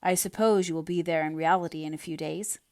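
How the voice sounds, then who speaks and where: A man's voice: on the high side, fairly even intonation, a little fast, clear, resonant tone, dry recording, clean studio sound, close to an everyday voice. A woman reading as an earnest young suitor. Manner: quiet, earnest, then bitter. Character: earnest young man in love, steady.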